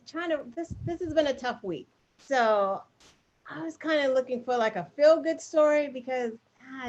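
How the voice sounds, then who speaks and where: A woman co-host chatting casually, retelling a story in an animated, filler-heavy way. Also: high voice. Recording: muffled lo-fi audio.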